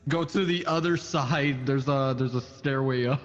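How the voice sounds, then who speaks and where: A man chatting casually during a co-op game, giving his friends quick directions and warnings. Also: mid-range voice, reverberant, lo-fi sound. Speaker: gamer. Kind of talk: casual co-op gaming chat.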